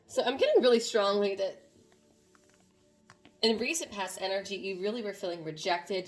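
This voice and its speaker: A woman's voice: fairly low pitch, vocal fry. A woman doing a casual tarot reading to camera, talking to viewers in an earnest, meandering way. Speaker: tarot reader.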